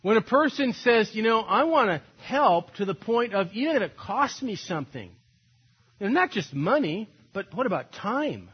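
A man's voice: high voice, very animated, moderate pace, husky, muffled recording. An older man preaching a sermon, telling stories animatedly and acting out quoted voices. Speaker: pastor.

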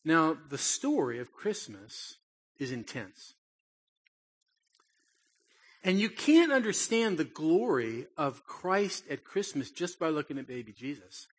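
An older man preaching a Christmas sermon, telling stories with animated voices for the people in them. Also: on the high side, slightly rough. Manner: animated storytelling, acts out childlike pleading. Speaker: pastor.

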